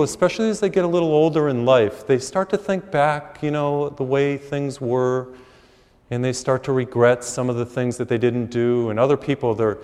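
A man's voice: mid-range voice, a little mellow, big-room sound. A man preaching a conversational, storytelling sermon as priest in a church.

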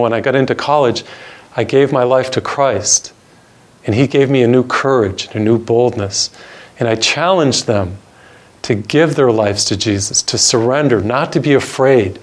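During an earnest sermon, an older man who is a Catholic priest shares a personal story, easing his pace to emphasize important words. He speaks at a medium pitch.

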